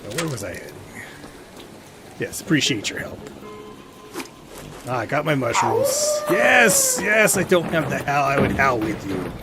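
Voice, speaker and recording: Chatty gaming streamer, lively voice. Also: male voice, medium pitch, unhurried, long pauses, loud music behind the voice. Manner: chatty, shouts and yelps at the game. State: slightly dry throat. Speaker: live streamer. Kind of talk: casual chat while playing a game live. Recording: loud game noise behind.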